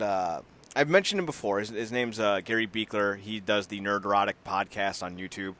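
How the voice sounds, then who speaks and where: A man co-hosting a casual podcast, rambling and laughing as he talks. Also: fairly low pitch. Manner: animated, rambling, laughs often, acts out voices. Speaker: podcast co-host.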